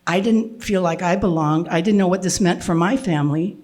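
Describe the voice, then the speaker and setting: An older woman telling a personal story to an audience, with frequent restarts and throat clearing. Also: lowish voice, a little fast, darkish tone.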